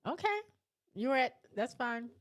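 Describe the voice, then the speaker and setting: A woman hosting a live chat show, reading viewer comments and answering them casually, clearing her throat often. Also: a little high, normal speed. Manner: chatty, reacts to each comment.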